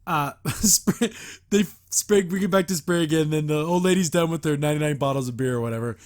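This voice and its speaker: A man's voice: on the high side, a little fast. Chatty man recapping a cartoon episode. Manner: rambling, lots of "like" fillers; chuckles often while recapping. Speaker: host. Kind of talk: casual episode review.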